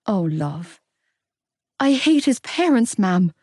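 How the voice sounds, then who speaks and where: A woman's voice: mid-range voice, very animated, slow pace, warm tone, dry recording. A woman voicing a heartbroken, fiercely loyal young woman close to tears in an audiobook. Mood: anguished. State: crying.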